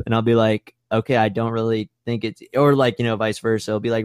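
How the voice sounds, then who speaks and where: A young man rambles through a casual podcast chat, swearing freely and leaning on filler words. His voice sits a little low. The recording is dry and close. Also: flat delivery, brisk, darkish tone, smooth, no room sound. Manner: rambling, profane, lots of "like". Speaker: podcast host.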